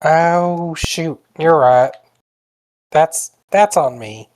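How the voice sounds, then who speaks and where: A man's voice: on the high side, extremely slow, a little mellow. A man playing a tabletop game, speaking in character, hesitant and full of fillers. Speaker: player. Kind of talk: casual tabletop play and in-character talk.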